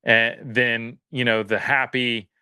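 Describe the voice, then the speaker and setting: Bright, crisp-voiced earnest male guest. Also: mid-range voice, flat delivery, slow, no room sound. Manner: earnest, searching, lots of fillers and restarts. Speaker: podcast guest. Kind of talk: casual reflective conversation.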